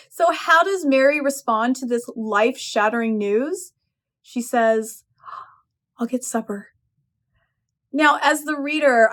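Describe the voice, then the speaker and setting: A woman with a high, bright-pitched voice talks through a short story as an English professor. She retells the plot and gives her own strong opinions along the way, expressive and direct. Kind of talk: literary analysis lecture.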